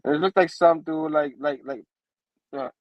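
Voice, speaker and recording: A man's voice: on the high side, fairly even intonation, normal speed, dry recording, low-quality recording. A man hosting a casual comic book review show, laughing often and saying "you know what I mean" again and again. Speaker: host.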